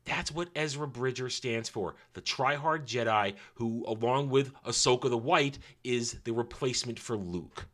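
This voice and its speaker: A man's voice: mid-range voice, normal speed, few pauses, fairly bright tone. A man giving a casual, opinionated show review in a sarcastic, scornful way, with mocking asides.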